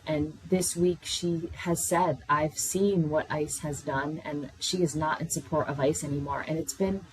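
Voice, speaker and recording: A woman hosting her own podcast, telling personal stories in a candid, animated way, swearing freely. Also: husky, rough recording. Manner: animated, swears freely, jumps into high voices when quoting herself. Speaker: podcast host. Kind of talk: candid solo podcast storytelling.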